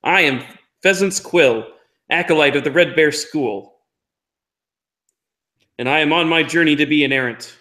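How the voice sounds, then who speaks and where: Defiant thirteen-year-old girl, cheeky and raised in pitch , played by a man. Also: unhurried, long pauses, bright, forceful tone.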